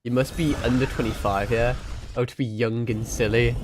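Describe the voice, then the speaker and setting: A man's voice: medium pitch, steady tone, moderate pace, background noise. A man in his twenties streaming a game, rambling casually and swearing a lot, often mocking himself. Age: 20s. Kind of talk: casual live-stream chat.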